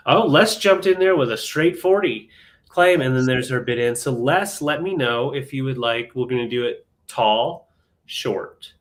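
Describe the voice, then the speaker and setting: Casual male co-host of a live sale, relaxed bid caller, mid pitch. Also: unhurried. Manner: relaxed, calls bids and counts down. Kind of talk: live auction selling chat.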